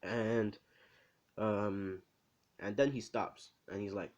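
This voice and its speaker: A man's voice: on the low side, fairly even intonation, takes it slowly, a little mellow, lo-fi sound. Rambling young man telling a fan story. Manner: rambling, full of fillers and "right?" asides. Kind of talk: casual improvised fan-story narration.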